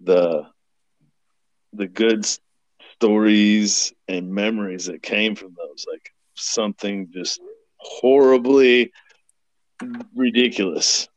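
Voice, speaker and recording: A man's voice: on the low side, slow pace, long pauses, no room sound, lo-fi sound. A man who served as an army medic, chatting casually in a laid-back, rambling way with many fillers. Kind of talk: casual chat.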